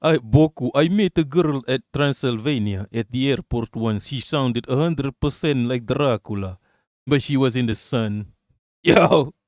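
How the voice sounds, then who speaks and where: A man's voice: medium pitch, moderate pace, darkish tone, no echo, studio quality. A man streaming live, giving sarcastic, profane commentary and answering his chat. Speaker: streamer reacting to a clip and chat.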